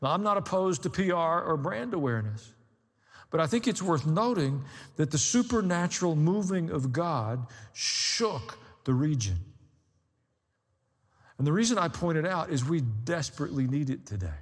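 A man's voice: on the high side, expressive, moderate pace, slightly rough, long reverb tail. A man preaching a sermon as pastor, conversational with dry humor and building emphasis.

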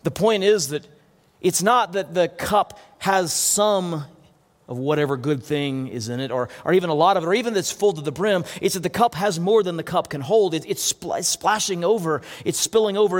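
A man preaching a sermon as pastor, earnest, often restarting and repeating words. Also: high voice. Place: church hall. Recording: long hall reverb.

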